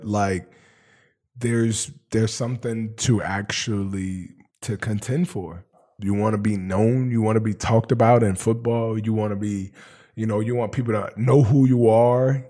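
A man's voice: lowish voice, mellow. A man, a pro football player, telling stories animatedly in an interview, laughing along the way. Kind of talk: casual interview answers.

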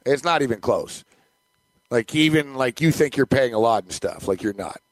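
A man's voice: mid-range voice, expressive, normal speed, dry recording. A man from the United States hosting a casual podcast, ranting and joking about insurance and drug prices.

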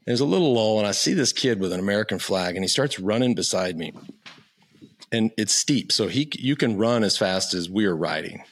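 A man's voice: lowish voice, animated, normal speed. A man in his fifties telling stories as a podcast guest, casual and profane, with lots of stammering restarts. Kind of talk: casual storytelling.

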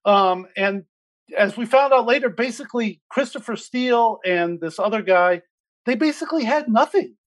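A man guest in a talk interview, his voice sitting a little high. He weighs his words, often restarting sentences. His delivery is thoughtful and measured. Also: expressive, rough recording. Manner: hesitant, many restarts, thoughtful. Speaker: guest commentator. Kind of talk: conversational interview.

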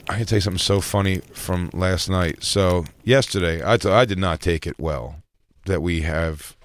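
A man's voice: steady tone, moderate pace, no room sound. A man hosting a comedy radio show, telling stories in casual chat and mimicking people he quotes. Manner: storytelling, acts out others in a high voice.

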